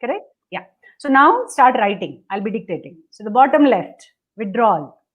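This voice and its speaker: A woman's voice: a little high, very animated, moderate pace, breathy edge, muffled recording. A woman coaching on relationships, dictating step by step over a video call and acting out the attitudes she describes. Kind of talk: instructive conversation.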